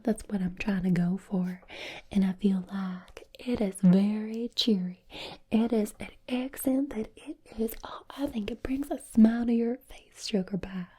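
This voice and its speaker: A woman's voice: medium pitch, dark tone, husky, close to an everyday voice. A woman putting on a doting, sing-song Southern belle with an Alabama accent, in whispered role-play. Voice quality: sing-song, affectionate pet names.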